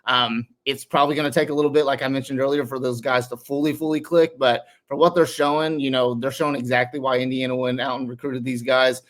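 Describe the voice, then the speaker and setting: A man's voice: mid-range voice, a bit bright. A man speaking as a guest analyst on a sports podcast, in casual chat that rambles with many fillers. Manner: rambling, heavy on "um" and "you know".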